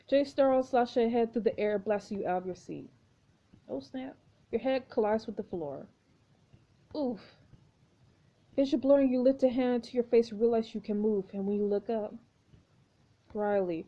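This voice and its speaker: A woman reading a story game aloud with expressive commentary, exclaiming at each turn. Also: on the high side, moderate pace, long pauses. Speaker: gameplay narrator. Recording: dull lo-fi recording.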